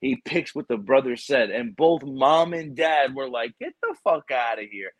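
A man, a military recruiter, chatting casually and telling rambling, animated stories full of quoted dialogue and swearing. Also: medium pitch, normal speed, no room sound. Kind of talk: casual chat.

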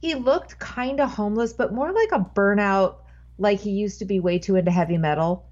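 A woman's voice: medium pitch, normal speed, darkish tone, lo-fi sound. A woman, a podcast guest, telling a casual anecdote in a rambling way and often breaking off mid-sentence. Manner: rambling, self-interrupting storyteller.

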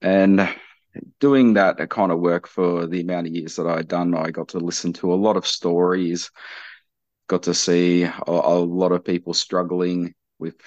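A man's voice: sits low, flat delivery, a little slow, dry recording, highs cut off. An Australian man, a podcast guest, talking in a laid-back, friendly way. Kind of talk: casual podcast chat.

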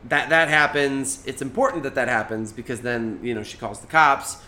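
A man's voice: mid-range voice, steady tone, moderate pace, sharp tone, slight background noise. A man co-hosting a podcast, casually recapping a movie with lots of fillers and restarts. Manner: rambling, many fillers, acts out quotes. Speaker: podcast co-host.

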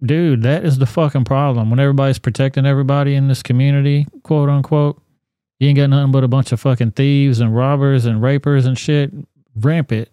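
A man hosting a podcast, commenting on a news video in a blunt, profane, animated rant. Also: mid-range voice, a little fast, smooth, no room sound, studio quality. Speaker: podcast host.

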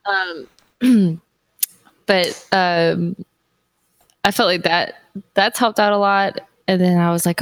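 A woman's voice: lowish voice, steady tone, slow, pauses often, no room sound. A woman in her thirties, a mother, talking candidly and rambling, with lots of "like" fillers. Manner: rambling, heavy use of "like". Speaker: guest, mother and streamer. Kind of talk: candid casual conversation.

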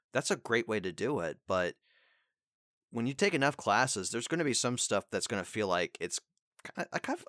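Voice actor guy chatting, bright ringing voice, dry close mic. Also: fairly low pitch, clean tone, no echo. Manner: loose, rambling advice with fillers and acted line readings. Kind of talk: casual chat.

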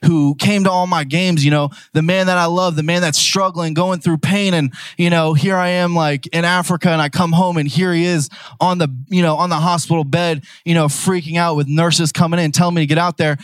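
A young man preaching a sermon, telling a personal story in a casual, conversational way and building to loud, emphatic declarations. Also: a little high, steady tone, brisk, few pauses, no room sound, studio quality.

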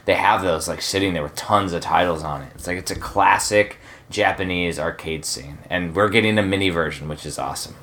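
An enthusiastic man chatting on a relaxed gaming podcast, often breaking into laughter. His voice is very low and deep. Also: a little fast, few pauses. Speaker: podcast co-host. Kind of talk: casual chat.

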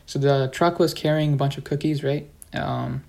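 A man's voice: medium pitch, level tone, moderate pace, gravelly, darkish tone. A teenage boy chatting casually over a video call, easygoing with dry jabs at his friend. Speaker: co-host. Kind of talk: casual game chat.

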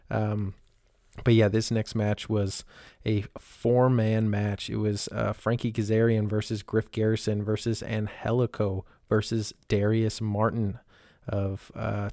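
A man's voice: fairly low pitch, dark tone, no echo, clean studio sound. A man hosting a wrestling podcast alone, talking casually in a blunt, rambling way with lots of fillers and frequent swearing. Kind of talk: casual solo recap.

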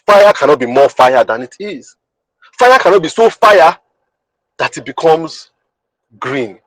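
A man's voice: medium pitch, no echo, low-quality recording. A man hosting a podcast who teaches in an emphatic, repetitive way and often asks the listener whether they understand. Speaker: podcast host. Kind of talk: teaching monologue.

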